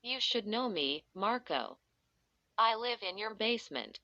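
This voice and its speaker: Mysterious boy caller, soft and insistent, read by a woman narrator; bright tone, dry lo-fi sound. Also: mid-range voice, very animated, measured pace, no echo, exaggerated voice. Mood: eerie calm. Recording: dull lo-fi dry recording.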